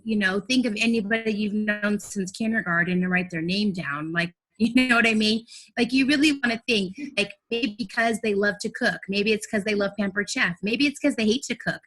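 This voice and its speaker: A woman's voice: mid-range voice, moderate pace, fairly bright tone. A young adult woman giving a casual sales training talk, chatty and bubbly, acting out sample phone calls.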